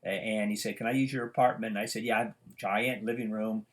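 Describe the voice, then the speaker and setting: A man's voice: fairly low pitch, steady tone, fairly quick. An older man teaching psychology in a loose, rambling lecture style at home, full of fillers, restarts and side stories. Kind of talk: informal lecture.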